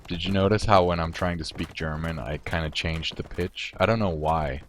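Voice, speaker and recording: Very deep-voiced man streaming a game. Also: normal speed, fairly bright tone, slight background noise. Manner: rambling, self-amused, thinks aloud. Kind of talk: casual gameplay commentary.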